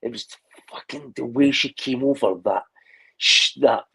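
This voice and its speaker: A man's voice: medium pitch, a little slow, vocal fry, pushed and bright, breathy edge, rough recording. A man in a casual online chat, talking in long rambling stretches with frequent restarts and blunt swearing. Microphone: video call.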